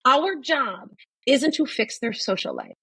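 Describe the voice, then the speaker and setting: A woman's voice: sits high, wildly swooping pitch, measured pace, gravelly, sharp tone, slightly rough, dry recording, low-quality recording. A woman, a psychotherapist guest on a podcast, talking emphatically and often repeating her key points. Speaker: guest, social worker and psychotherapist. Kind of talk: podcast conversation.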